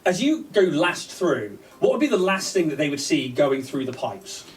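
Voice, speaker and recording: A man's voice: fairly high pitch, big pitch swings, normal speed, roomy sound, recorded from a distance. Rambling man running a tabletop game. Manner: casual, rambling with many fillers. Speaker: game master.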